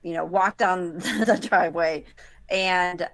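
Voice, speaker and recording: A woman's voice: on the low side, fairly even intonation, slow pace, a bit bright, dry recording. A woman on a podcast team, talking casually with fillers and laughter. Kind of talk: casual chat.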